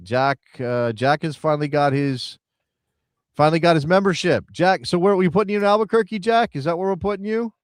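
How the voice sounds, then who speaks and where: Co-hosting a casual soccer live stream, a man chats and rambles, thinking aloud as he reads out viewer names from the chat. His voice is a little high and a little fast, captured in clean studio sound with no echo.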